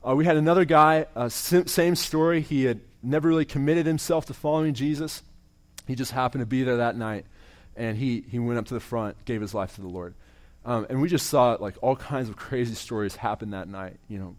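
With a medium-pitched voice, a young man who works as a campus minister delivers an earnest, testimony-style sermon. He tends to repeat words when restarting, and his sentence endings fade to quiet.

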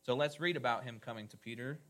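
A man delivers a sermon with a bright, forceful tone. He drives his phrases upward with emphasis, then lets the endings fall soft and low, steady in a mid-range pitch. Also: quick pace. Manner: emphatic preaching with rising, punchy phrases and soft trailing endings. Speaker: pastor.

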